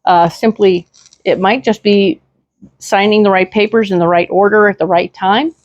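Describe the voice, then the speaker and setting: A woman's voice: mid-range voice, steady tone, moderate pace, no echo, highs cut off. A woman giving a casual tarot reading in a chatty, reassuring way, with many fillers and tag questions, speaking into a desk microphone. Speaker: tarot reader.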